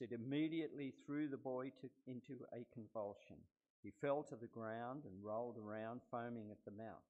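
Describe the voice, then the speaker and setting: A man's voice: medium pitch, a little mellow, highs cut off. Man reading scripture in church. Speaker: scripture reader.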